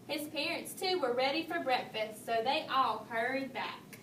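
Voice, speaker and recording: A woman reading a children's story aloud, expressive, lifting her voice for the bears. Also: a little slow, far from the mic. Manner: expressive read-aloud, raising pitch for the bears' lines. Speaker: storybook reader. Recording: echoey room, voice from off-mic, faint hiss.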